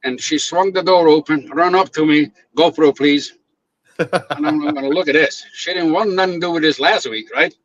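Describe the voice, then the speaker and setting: Brisk and barely pausing, a man with a fairly high pitch tells stories in a casual chat, dramatizing the people he quotes and laughing often. He's a guest videographer, recorded dry with a dull lo-fi quality.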